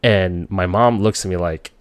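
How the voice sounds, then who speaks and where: A man with a low voice, from the Philippines, tells a story from his own life in a casual, chatty way. The recording is dry and close, with no room sound. When he quotes himself as a child, his voice leaps up high. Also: unhurried, smooth, no room sound. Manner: relaxed conversational, voice jumps high when quoting his child self.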